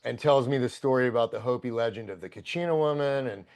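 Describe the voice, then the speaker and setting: Male podcast guest with a rough, gravelly voice and a mid-range pitch, casual and excitable, cursing freely. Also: fast. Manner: profane, excitable, rambling. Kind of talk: casual storytelling.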